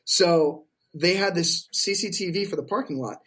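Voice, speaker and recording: Man, guest on a casual podcast, a touch high-pitched, swears freely, animated yarn-spinner who plays every part. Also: moderate pace. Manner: profane, animated storyteller, acts out quotes. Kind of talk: casual storytelling chat.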